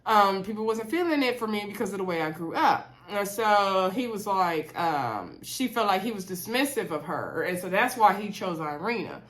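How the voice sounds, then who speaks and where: A chatty, opinionated woman, talking through a reality show recap for her channel. Her pitch sits in a middle range, and she rambles casually with plenty of "um" and "like" and quick asides. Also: expressive, a bit bright.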